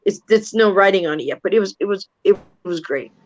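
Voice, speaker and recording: A woman's voice: mid-range voice, brisk, lo-fi sound. Woman, 50s, brash, foul-mouthed storyteller; casual chat co-host. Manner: brash, swears freely, animated storytelling. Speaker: paranormal investigator and co-host.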